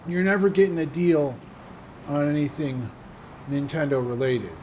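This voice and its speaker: A man's voice: a little high, normal speed, a little mellow. A man hosting a gaming channel, chatting casually and rambling with self-interruptions while he plays. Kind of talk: casual let's-play commentary. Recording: game audio and engine noise underneath. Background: race car engine sounds.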